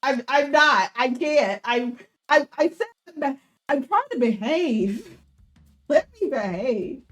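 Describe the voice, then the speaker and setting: A woman's voice: sits high, expressive, slow pace, faint music behind. Giggly, flustered woman streamer. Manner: giggly, flustered, loud outbursts. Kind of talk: reading a visual novel aloud on stream.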